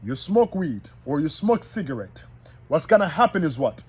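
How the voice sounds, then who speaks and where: A man teaching from the Bible like a preacher, reading verses slowly and asking the listeners if they are following him. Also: on the high side, very animated, a little mellow, slightly rough. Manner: reads verses slowly and repeats them. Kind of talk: street-style bible teaching.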